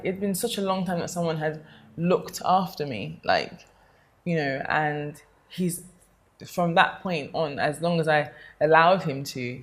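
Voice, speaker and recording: A young woman talking casually to camera, chatty and affectionate, rambling with lots of fillers. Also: deep voice. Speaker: vlogger.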